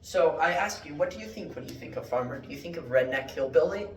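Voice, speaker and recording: A man giving a mock classroom lecture, rambling through deadpan fake word origins with many fillers. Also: fairly high pitch, quick pace, slight background noise. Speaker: joke Latin teacher. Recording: echoey room, mic at a distance.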